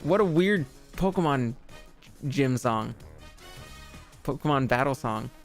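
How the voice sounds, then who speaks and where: A man's voice: mid-range voice, expressive, slow. A man streaming a video game, chatting casually in a rambling, goofy way, with plenty of fillers. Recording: faint game music behind.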